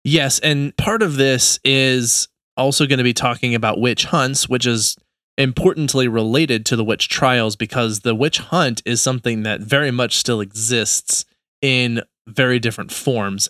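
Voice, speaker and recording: A man co-hosting a casual podcast, relaxed, often laughing as he retells scenes. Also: medium pitch, measured pace, no room sound, clean studio sound. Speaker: podcast co-host.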